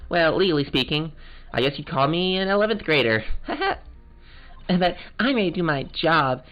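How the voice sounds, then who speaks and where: A man voices an eager sixteen-year-old girl scientist, an aspiring scientific investigator, in a Valley Girl accent. His pushed-up voice sits on the high side with big pitch swings at normal speed. The recording is muffled, with game music behind.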